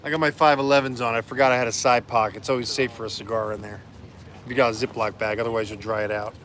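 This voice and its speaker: A man from South Jersey, a citizen journalist, chatting casually and telling animated stories on a street at night. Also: medium pitch, racing. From South Jersey, USA. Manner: chatty storyteller, animated when quoting others. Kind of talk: casual chat outdoors. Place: outdoors on a city street at night with traffic. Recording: street noise, outdoor phone recording.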